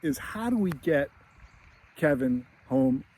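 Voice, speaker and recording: A man's voice: on the high side, very animated, slow pace, a little mellow, slight background noise. A man giving a casual, rambling film analysis with many fillers and chuckles. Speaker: screenwriting commentator.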